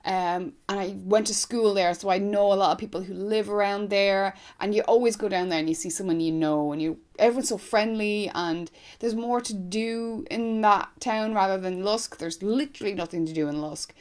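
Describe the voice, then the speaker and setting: A woman's voice: mid-range voice, moderate pace, few pauses. A young woman from north County Dublin with an Irish accent, chatting casually to camera, rambling with lots of "like"s. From Ireland, north County Dublin. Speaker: vlogger.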